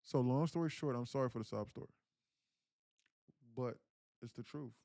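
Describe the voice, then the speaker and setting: A man's voice: mid-range voice, moderate pace, creaky, no echo, clean studio sound. A young man, hosting a day trading livestream and telling a personal story in casual, slangy speech with lots of fillers. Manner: emotional storyteller, acts out quoted pleas loudly.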